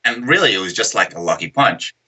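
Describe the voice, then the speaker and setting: A young man, co-hosting a casual chat and retelling a fight story with lively acted-out quotes. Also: deep voice, fairly quick. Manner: animated retelling, acts out quotes and shouts. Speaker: podcast co-host.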